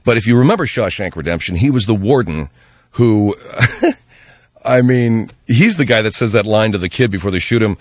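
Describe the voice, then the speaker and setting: A middle-aged man hosting a radio show, telling an animated story and slipping into voices when he quotes people. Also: fairly low pitch, normal speed, no echo, studio quality. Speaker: radio host. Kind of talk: storytelling monologue on talk radio.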